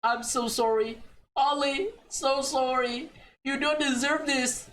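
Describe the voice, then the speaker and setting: A woman's voice: high-pitched, steady tone, takes it slowly, a bit bright, slight background noise. A woman voicing a guilty young woman who stammers and pleads with her friend. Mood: remorseful.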